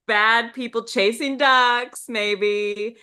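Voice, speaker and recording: A woman's voice: on the high side, steady tone, drawn-out words, sharp tone, clean tone. A woman co-hosting a casual podcast, asking questions in an enthusiastic, playful way. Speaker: podcast co-host.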